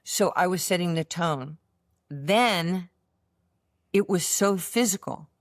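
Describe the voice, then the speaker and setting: A woman in her sixties with a New York accent, telling animated stories as an interview guest and acting out the voices in them. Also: fairly low pitch, takes it slowly, no room sound, studio quality. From United States. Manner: animated storyteller, acts out voices in her anecdotes. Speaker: interview guest, former basketball player. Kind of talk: casual storytelling interview.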